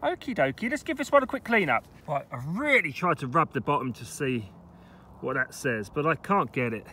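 A man talking casually to camera while metal detecting outdoors, chatty and excitable about his finds. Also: fairly high pitch, normal speed, husky. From England. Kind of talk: casual vlog commentary. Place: outdoors in a wet field.

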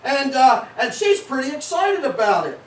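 High-voiced, excitable preaching man. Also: normal speed. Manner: animated, folksy preaching that breaks into shouts. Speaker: pastor. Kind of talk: sermon. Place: church sanctuary. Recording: echoey church from a distance.

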